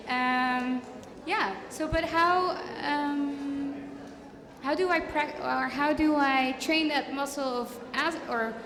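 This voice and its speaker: High-voiced woman asking from the floor. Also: slow pace, crowd noise. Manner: hesitant, with many "um"s and trailing sentences. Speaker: audience member asking a question. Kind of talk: hesitant question from the floor. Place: large event hall. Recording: roomy echo with long hall reverb.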